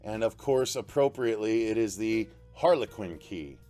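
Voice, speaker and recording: Excitable man gushing over an unboxing. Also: on the low side, moderate pace, faint music behind. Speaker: channel host. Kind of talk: casual unboxing vlog.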